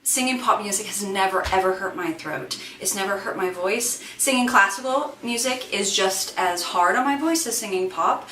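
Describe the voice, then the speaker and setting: A woman singer and voice teacher talks through her vocal range in a relaxed, thinking-aloud way, full of "like" and "sort of". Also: medium pitch. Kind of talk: casual vocal demonstration. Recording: echoey room, distant mic, faint hiss.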